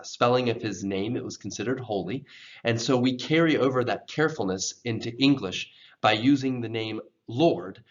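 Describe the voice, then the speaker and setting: A man teaching English pronunciation in a slow, careful lesson, patiently repeating words for learners. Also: on the low side. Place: church program video. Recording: dull, lo-fi sound.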